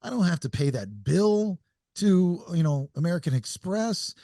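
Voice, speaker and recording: A man's voice: sits high, big pitch swings, moderate pace, dark tone, dry recording, clean studio sound. A man co-hosting a podcast, joking and riffing through casual chat. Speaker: podcast host.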